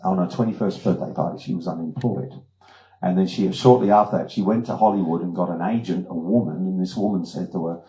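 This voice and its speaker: A man's voice: deep voice, quick pace. An older man with an Australian accent telling anecdotes as a guest speaker, animatedly acting out voices, in an echoey room. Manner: animated storyteller, acts out voices. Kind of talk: anecdotal presentation. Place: wellness retreat room.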